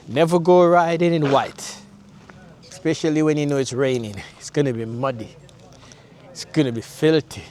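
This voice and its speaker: A man's voice: mid-range voice, darkish tone. A man talking casually as a travel vlogger outdoors, in loose, repetitive, chatty commentary. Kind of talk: casual vlog narration. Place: outdoors around a town.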